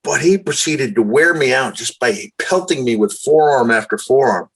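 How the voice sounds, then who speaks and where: Man telling lively wrestling stories. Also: medium pitch, moderate pace, husky, poor audio. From New York, USA. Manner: lively anecdotal storytelling with self-deprecating humor. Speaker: guest, retired wrestler. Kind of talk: storytelling in conversation.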